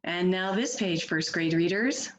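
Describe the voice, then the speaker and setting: A woman's voice: lowish voice, measured pace, low-quality recording. A woman teacher guiding first graders through a picture book, asking them questions in an encouraging way. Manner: encouraging, asks children questions, expressive. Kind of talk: read-aloud reading lesson for children.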